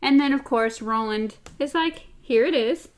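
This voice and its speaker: A female podcast co-host reading a novel aloud and retelling scenes with brisk energy. Her voice sits somewhat high.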